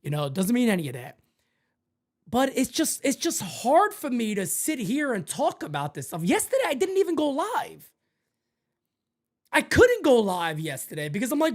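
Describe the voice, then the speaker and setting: Loud, excitable man ranting live. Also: very high-pitched, moderate pace. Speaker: host of a fan live stream. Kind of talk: ranting live sports talk.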